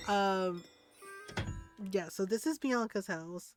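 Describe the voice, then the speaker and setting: A woman's voice: medium pitch, slow, faint music behind. Chatty young woman streaming a game. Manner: chatty, rambling with fillers. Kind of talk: casual game-stream chat.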